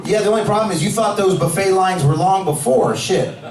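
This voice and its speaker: A man performing a stand-up comedy set in a club, brash, profane and energetic. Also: high voice, fairly quick. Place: cannabis club stage. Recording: echoey club from far off, crowd.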